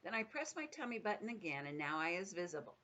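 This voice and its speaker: An older woman, a grandmother, reading a children's book aloud with expressive storytelling, dipping into the characters' voices. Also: on the low side, quick pace.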